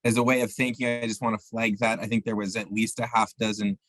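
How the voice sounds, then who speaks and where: A man with a low voice moderates a webinar over a video call. His voice sounds dry, with no room echo, as he passes on brief appreciative remarks to the speaker. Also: level tone, fast, a bit bright.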